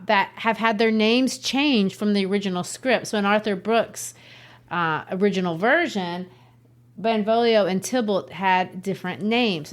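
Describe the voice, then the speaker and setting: Woman on a lit podcast, chatty, explaining the play with lots of little asides. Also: mid-range voice. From Brazil. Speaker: podcast co-host. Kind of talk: casual literature discussion.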